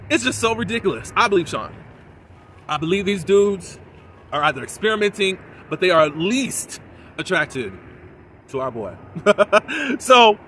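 A man casually reviewing a reality show episode, animated and quick to mimic the cast in exaggerated voices. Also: a little high, slight background noise. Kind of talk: casual reaction commentary.

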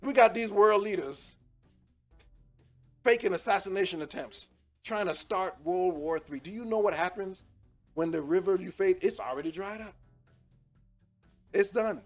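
Urging repentance again and again, a preacher delivers a fervent sermon that lurches from shouts to hushed pleas. His voice sits high.

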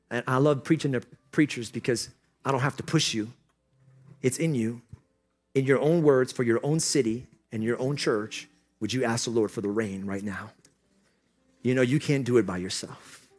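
Male preacher, conference sermon, joking then fervent, mid-pitched voice. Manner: swings from joking asides to loud impassioned exhortation. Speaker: pastor. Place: conference hall.

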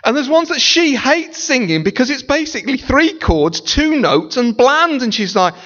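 A male pastor with a very high voice preaches a sermon in a church sanctuary at a moderate pace, animated and playful, breaking into sung snippets and mimicry. The sound is dull and lo-fi, echoing through a large reverberant church hall.

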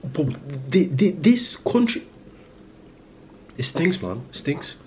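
A man's voice: fairly high pitch, sing-song, takes it slowly, darkish tone, a little hiss or hum, rough recording. A young man from Liverpool chatting to his camera at home in a rambling, self-mocking way, full of fillers and restarts. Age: young adult. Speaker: vlogger. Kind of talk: casual rambling vlog chat. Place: at home indoors.

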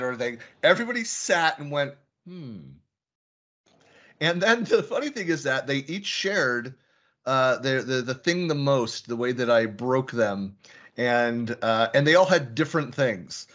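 A man's voice: medium pitch, expressive, normal speed, fairly bright tone, highs cut off. A middle-aged man hosting a casual online panel, a chatty storyteller who laughs often. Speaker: host.

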